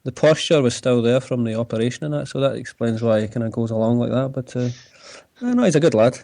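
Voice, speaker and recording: A man's voice: medium pitch, lively intonation, fast talker, vocal fry, dark tone, dry recording. A man in a casual football chat, rambling and chatty.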